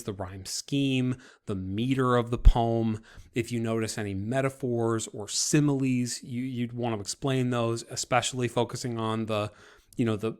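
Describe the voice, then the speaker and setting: A man teaching a class and explaining a group project to his students, talking in a relaxed, conversational way. His voice sits at an ordinary middle pitch for a man, and he often restarts his sentences and fills pauses with small hesitations. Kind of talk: classroom instruction video. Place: recorded for an online class.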